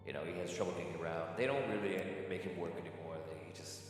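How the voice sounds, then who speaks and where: A man's voice: low-pitched, fairly even intonation, quick pace, voice pushed down, close to an everyday voice. A man voicing a weary middle-aged miner held prisoner, talking in a subdued, resigned way. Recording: echoey hall with faint music.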